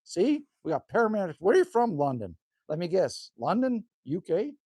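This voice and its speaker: A middle-aged Canadian man with a slightly hoarse voice, hosting a live stream from a cabin and chatting casually with viewers in a folksy way. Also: high-pitched, sing-song, normal speed, warm tone, dry recording, clean studio sound. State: a little hoarse. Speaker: livestream host reading chat. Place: rural cabin indoors.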